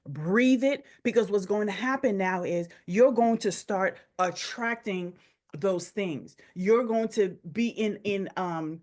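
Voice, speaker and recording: Emphatic woman coaching a group. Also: medium pitch. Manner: emphatic, repetitive, urging listeners directly. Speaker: business coach. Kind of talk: motivational coaching session.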